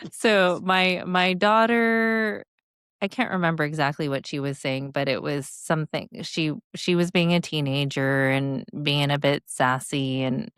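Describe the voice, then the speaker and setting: A woman's voice: low voice, a little slow, fairly bright tone, clear, resonant tone, dry recording, studio quality. A woman in her forties, a guest speaker and coach, telling stories in a reflective, coaching tone during a podcast interview.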